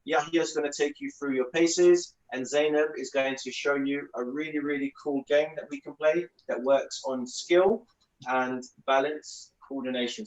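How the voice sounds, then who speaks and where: A fitness instructor with a bass, slightly mellow voice leads a live home workout for children, cheerfully encouraging them as she calls out each move. An echoey, distant, lo-fi room mic captures her.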